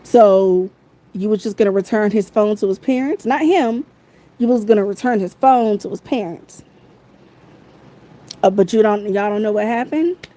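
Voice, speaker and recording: On a livestream, a woman angrily rants into her phone, swearing freely and returning to the same phrases over and over. Her medium-pitched voice stays warm, mellow, and softly dark even as she heats up, and she speaks at a normal speed with frequent pauses. The audio quality is poor.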